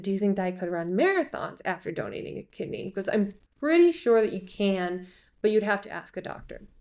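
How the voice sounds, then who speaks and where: A woman, a podcast guest, telling a personal story in a lively way and acting out the voices of the people in it. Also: medium pitch. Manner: lively, acts out quoted voices. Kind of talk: conversational storytelling.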